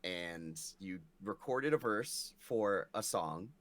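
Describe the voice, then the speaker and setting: A man's voice: low voice, lively intonation, slow. A man co-hosting a casual podcast, talking in a laid-back, supportive way. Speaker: co-host. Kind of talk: casual chat.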